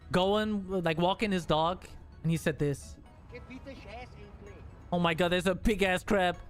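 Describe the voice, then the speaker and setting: A male streamer giving casual gameplay commentary, excitable and swearing, with frequent laughs. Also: high voice.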